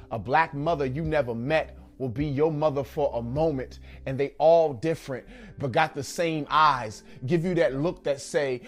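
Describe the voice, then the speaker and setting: Man performing spoken-word poetry. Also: mid-range voice. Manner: rhythmic, emphatic delivery. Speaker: poet.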